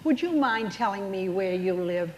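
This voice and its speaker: A woman's voice: mid-range voice, expressive, moderate pace, slight background noise. A woman in her seventies doing a chatty stand-up routine on a casino stage, telling stories and acting out the punchlines. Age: 70s. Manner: chatty storytelling with voiced punchlines. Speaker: stand-up comedian. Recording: echoey hall with faint ambience.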